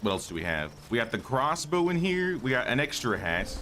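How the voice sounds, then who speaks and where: A man's voice: mid-range voice, sing-song, fairly quick, sharp tone, a little hiss or hum. A man casually talking through a live game stream, thinking aloud and greeting viewers, his voice a bit worn. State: slightly losing his voice.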